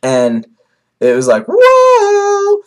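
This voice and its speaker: A man's voice: medium pitch, lively intonation, quick pace. A young man giving casual, rambling commentary on a comic chapter, with many fillers and restarts. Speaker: manga reviewer.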